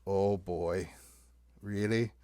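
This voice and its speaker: A puppet show host telling silly stories and singing rhymes in an animated, teasing way, recorded in a basement. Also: deep voice, very slow, no room sound. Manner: animated, sing-song, teasing with the audience. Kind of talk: playful puppet storytelling.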